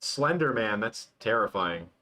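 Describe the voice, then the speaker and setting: A man's voice: fairly low pitch, lively intonation, unhurried, bright, forceful tone. A young man in casual live-stream chat, answering viewers while he works, rambling and filling his talk with "like". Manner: rambling, full of "like" fillers. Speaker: livestreaming animator.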